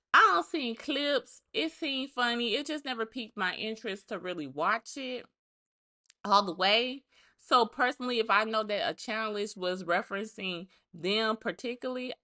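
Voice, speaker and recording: A woman's voice: on the high side, sharp tone. A woman giving a casual recap of a reality show, talking in a blunt, chatty way, full of profane asides.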